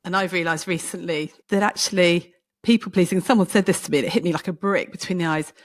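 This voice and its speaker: A woman's voice: lowish voice, fast. A woman hosting a podcast interview, talking casually, laughing often and joking at her own expense. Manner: lively, laughs often, self-mocking. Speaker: podcast host.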